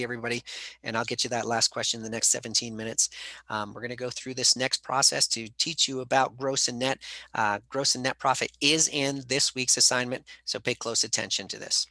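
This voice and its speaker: Bright-voiced male instructor, live online lecture. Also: mid-range voice, fairly even intonation, brisk, vocal fry, no echo. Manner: conversational, answers chat questions, frequent fillers. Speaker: college instructor.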